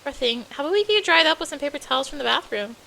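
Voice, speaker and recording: A woman's voice: high-pitched, animated, rapid-fire, vocal fry, sharp tone, a little hiss or hum, voice pushed up, heavily acted. A woman voicing an anxious young man who speaks in an earnest, pleading way, with game music behind.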